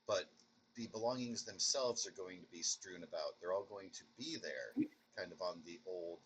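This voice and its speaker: Low-voiced man running a tabletop game. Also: moderate pace, a little hiss or hum, low-quality recording. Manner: relaxed, explains with restarts and asides. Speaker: game master.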